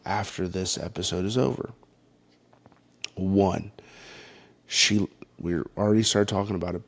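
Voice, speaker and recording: A man hosting a faith-based parenting podcast, talking in an earnest, halting way with frequent restarts. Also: deep voice. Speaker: podcast host.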